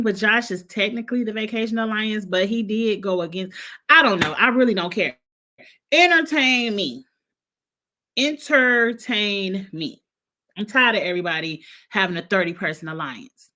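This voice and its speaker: A woman hosts a loose live-chat recap at a medium pitch, talking bluntly and gossiping freely. Her tone is opinionated and unfiltered. She sounds a little stuffy from allergies. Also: normal speed, sharp tone. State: coughing, allergies. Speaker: host.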